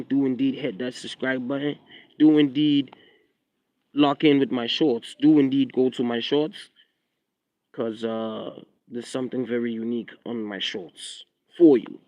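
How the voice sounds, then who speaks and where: Defiant young South African rapper, phone-recorded. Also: male voice, medium pitch, steady tone, moderate pace, no echo, dull audio. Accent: South African, with an American twang. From Eswatini. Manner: rambling, repeats himself, defiant street talk. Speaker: rapper and content creator. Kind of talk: casual livestream vlog. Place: outdoors in drizzle, hunched over phone.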